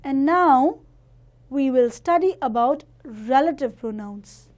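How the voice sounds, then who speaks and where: A woman teaching a grammar lesson to children, explaining each point slowly and carefully. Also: high voice, lively intonation, darkish tone.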